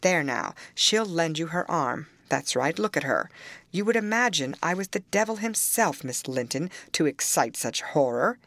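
A woman's voice: low-pitched, animated, normal speed, a bit bright, dry recording. A woman reading the part of a harsh, mocking middle-aged man with curbed ferocity in an audiobook. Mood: scornful. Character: harsh, scornful middle-aged male landowner.

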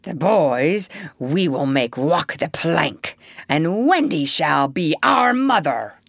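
A woman's voice: deep voice, expressive, slow, creaky, no room sound, studio quality, full character voice. A woman voicing a proud, brooding male pirate captain in a storybook reading, declaiming theatrically. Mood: menacing.

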